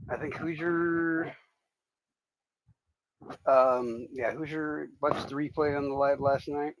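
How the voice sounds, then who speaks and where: Southern US livestream host, casual true-crime rambler, foul-mouthed, mid pitch, dry mic. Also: fairly even intonation, slow, no room sound, rough recording. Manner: profane, rambling, chatty. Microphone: desk mic on a livestream.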